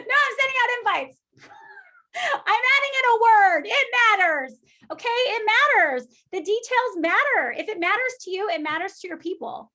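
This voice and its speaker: A woman in her forties coaching her team on a call, talking in a chatty, animated way with many restarts and quoted asides. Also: high-pitched. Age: 40s. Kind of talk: casual motivational team call.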